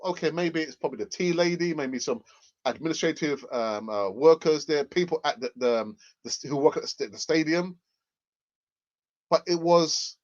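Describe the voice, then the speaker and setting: An excitable man chats casually on a fan livestream, with a voice pitched a little above the usual. He repeats himself for emphasis, and the audio sounds dull and lo-fi. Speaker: football fan channel host.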